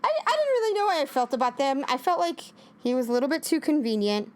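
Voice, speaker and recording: A woman's voice: sits high, very animated, quick pace. A woman co-hosting a casual TV recap, rambling with many restarts and frequent laughs. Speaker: co-host.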